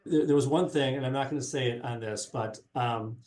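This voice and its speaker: A man's voice: mid-range voice, a little fast, a little mellow. A middle-aged man chatting as an interview guest, rambling with many fillers and restarts. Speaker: guest, sports marketing specialist and former TV reporter. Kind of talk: casual interview chat. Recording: roomy echo.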